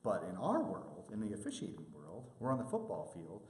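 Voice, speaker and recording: A man with a deep voice speaks at a normal pace in an echoey room. He is presenting to sports officials, telling animated stories and acting out the people he quotes.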